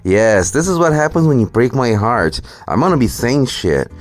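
A man's voice: medium pitch, sing-song, normal speed, no room sound. A man hosting a ranting, profane, mocking reaction commentary. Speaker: commentary host.

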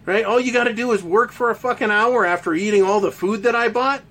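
High-pitched man, heated profane monologue, crude and mocking. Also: fairly quick, bright, forceful tone. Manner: crude, heated, swearing constantly, mocking others in put-on voices. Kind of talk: profane opinion rant.

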